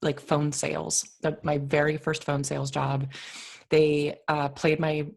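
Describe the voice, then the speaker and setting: A woman co-hosting a podcast, with a deep, soothing voice and an animated, expressive way of talking full of fillers. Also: a little slow, creaky. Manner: animated and expressive, filler-heavy, laughs often. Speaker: podcast co-host. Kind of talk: casual conversational interview.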